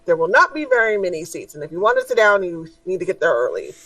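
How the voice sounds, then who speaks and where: A woman voicing a kind, encouraging male scientist who speaks gently and a little haltingly. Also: on the low side, sing-song, recorded from a distance, low-quality recording. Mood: kindly.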